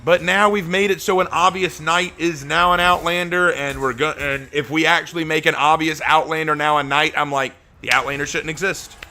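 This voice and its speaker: A man's voice: a little high, steady tone, normal speed, few pauses, bright, forceful tone, slight background noise. A man streaming a game and ranting about it, exasperated and sarcastic, hammering the same points with rising heat. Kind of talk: live-stream rant.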